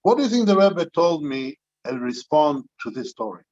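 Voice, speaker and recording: A man's voice: on the high side, sing-song, normal speed, darkish tone, highs cut off. An older man, a rabbi, telling an anecdotal story to a community gathering, with frequent restarts.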